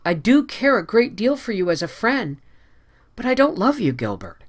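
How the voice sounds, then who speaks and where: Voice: sing-song, moderate pace. A reader voicing an imaginative, emotional young woman in an audiobook, speaking in a raised, pleading way. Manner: breathless, pleading, high-strung. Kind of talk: audiobook character voice.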